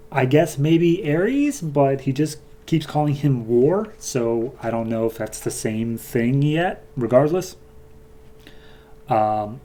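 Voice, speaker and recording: A man's voice: mid-range voice, warm tone. A man hosting a podcast, recapping a comic book in a loose, chatty way with fillers. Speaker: podcast host.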